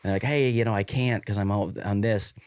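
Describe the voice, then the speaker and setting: A man with a Wisconsin accent chatting on a podcast, his voice sitting a little low. He rambles, with lots of "um" and restarts. The sound is dry and close, with no room around it. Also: fairly even intonation, a little fast, a little mellow, clear, resonant tone, no echo. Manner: rambling, many fillers and restarts. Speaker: podcast co-host. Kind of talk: casual podcast chat.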